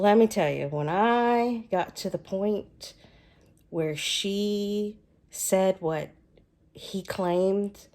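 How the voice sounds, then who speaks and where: A lower-pitched woman with a Southern US accent talks casually to her viewers as a book reviewer. She retells the story with animated energy and slips into quick voices for the characters.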